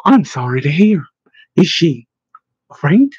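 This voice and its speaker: A man's voice: fairly high pitch, sing-song, unhurried, breathy edge, no echo, highs cut off, heavily acted. A man voicing a curious, direct young woman scholar in a storybook, in a raised, eager voice.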